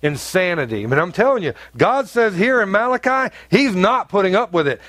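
A male pastor preaching a sermon, emphatic, his voice swinging between high loud peaks and low quiet stretches. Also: big pitch swings, normal speed, no echo. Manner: emphatic preaching with wide swings in pitch and volume.

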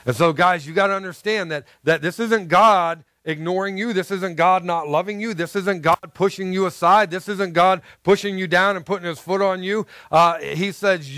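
A man from the American South preaching earnestly. His voice sits somewhat high, and he often restarts on repeated words as he works through a point. The sound is dry and close, with no room around it. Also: normal speed, hardly any pauses, sharp tone, dry recording. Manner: earnest, repeats words, addresses the crowd as guys. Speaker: pastor. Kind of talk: sermon.

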